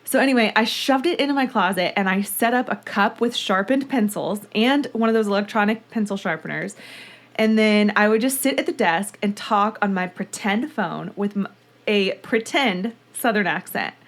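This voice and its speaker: A woman's voice: medium pitch, normal speed. A woman hosting a podcast, chatting casually and then narrating a true-crime case in a gushing, talkative way. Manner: chatty, gushing, reads listener mail aloud. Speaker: podcast host.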